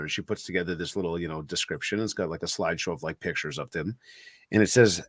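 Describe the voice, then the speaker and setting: A man hosting a podcast, asking rambling questions and telling stories in a lively, animated way. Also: deep voice, fast talker, no room sound, clean studio sound. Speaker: podcast host. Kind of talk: casual interview conversation.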